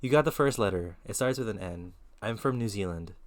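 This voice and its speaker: A man's voice: lowish voice, expressive, a little fast. A man in his twenties from the Philippines, chatting casually and slangily on a live stream through a headset. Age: 20s. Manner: laid-back, slangy, chatty.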